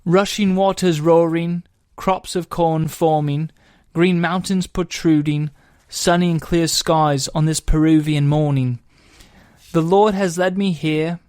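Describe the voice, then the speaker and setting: A man putting on a British accent to recite a devotional poem in a slow, measured way. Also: on the high side, fairly even intonation, a little mellow, smooth, dry recording, studio quality. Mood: solemn. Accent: put-on British.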